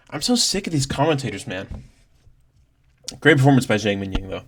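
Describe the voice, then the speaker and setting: A man's voice: mid-range voice, sing-song, a little fast, long pauses. A man ranting through a casual reaction to a fight, swearing, laughing and leaning on "like" and "bro". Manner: profane, exasperated, laughing, heavy on "like" and "bro". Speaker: MMA commentator vlogger.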